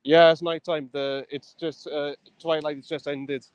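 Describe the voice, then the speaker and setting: Smooth-voiced man, hesitant guest. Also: fairly high pitch, little pitch movement, a little slow, dry recording. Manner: hesitant, fumbling with his phone camera. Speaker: livestream guest. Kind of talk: casual chat.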